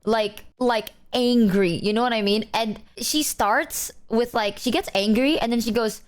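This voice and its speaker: A young woman streamer in casual chat, telling animated stories and acting out friends in exaggerated voices. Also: a little slow, few pauses. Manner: animated storyteller, acts out friends in high voices. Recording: faint music underneath.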